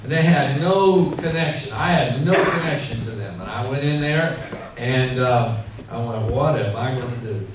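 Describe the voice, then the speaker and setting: A man preaching a sermon in a church, telling stories in an animated, rambling way full of fillers. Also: medium pitch, normal speed. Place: church hall. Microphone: handheld mic. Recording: echoey hall, mic heard from far off, faint noise.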